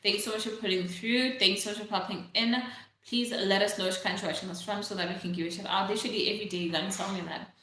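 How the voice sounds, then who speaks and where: A woman's voice: medium pitch, steady tone, quick pace, bright, forceful tone, a little hiss or hum. A young South African woman hosting a casual livestream, chatting loosely and reading out viewer comments, her talk full of "like" and "literally". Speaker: livestream host. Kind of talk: casual live-stream chat. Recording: very echoey room.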